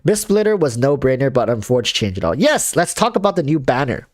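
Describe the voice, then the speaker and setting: A man's voice: mid-range voice, big pitch swings, a little fast, dry recording, clean studio sound. A man chatting casually on a livestream, rambling with lots of fillers and restarts, reading viewer comments. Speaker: streamer.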